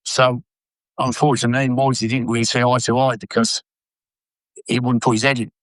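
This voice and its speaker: An older former footballer telling blunt, sweary stories in an interview. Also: male voice, mid-range voice, a little fast, no echo, rough recording. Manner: blunt, sweary, animated anecdotes. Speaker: former footballer and manager, guest. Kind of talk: casual storytelling interview.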